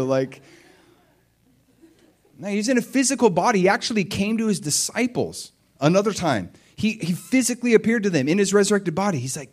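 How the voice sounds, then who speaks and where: A middle-aged man preaching a sermon, retelling scripture with lively, animated storytelling and acted-out voices. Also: high voice, a little fast. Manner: animated storytelling, acts out voices of biblical figures. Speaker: pastor.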